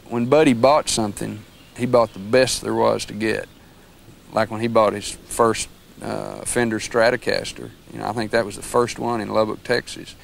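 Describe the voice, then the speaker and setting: A musician with a gravelly, mid-pitched voice reminisces about an old bandmate in plain, admiring words. A faint ambient hum runs under the interview. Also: male voice, steady tone, normal speed. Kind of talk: documentary interview recollection.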